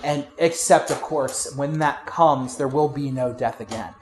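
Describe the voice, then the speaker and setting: A man preaching a sermon in a conversational way, with fillers and restarts, going from loud emphasis to quiet asides. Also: mid-range voice, a little slow. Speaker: pastor.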